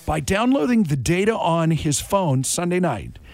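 A man hosts a morning radio show, chatting loosely and cracking quick jokes. His voice sits a little high for a man. Faint music plays underneath. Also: no room sound. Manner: animated, joking, quick asides. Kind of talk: casual radio chat.

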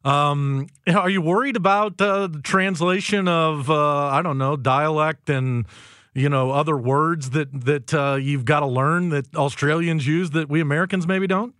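A man's voice: a little high, a little slow, fairly bright tone, no room sound, clean studio sound. A man co-hosting a radio interview, asking earnest questions and paying compliments. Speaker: radio show co-host.

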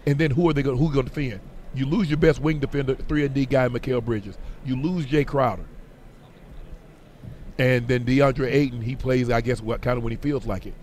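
Middle-aged male radio guest, emphatic and animated, voice going hoarse, light background hum. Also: mid-range voice, brisk. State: voice getting hoarse. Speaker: guest, former football player. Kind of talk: radio sports interview.

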